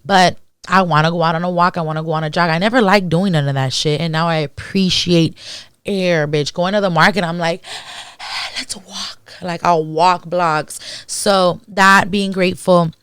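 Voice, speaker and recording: A woman's voice: lowish voice, steady tone, normal speed, a bit bright, clean tone. A young woman from Southern California hosting her own podcast in casual, blunt talk full of swearing and slang, with a Southern California accent. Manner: blunt, profane and unfiltered. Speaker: podcast host. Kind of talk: casual solo podcast chat.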